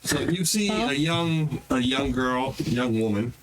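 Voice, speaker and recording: A man's voice: mid-range voice, slow, heavy background noise. Laid-back man running a tabletop game. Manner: relaxed, rambling, many fillers. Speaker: game master.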